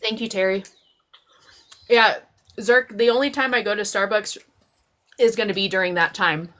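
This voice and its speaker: A woman's voice: medium pitch, normal speed, fairly bright tone. A woman hosting a casual live stream chat, rambling with many fillers and restarts.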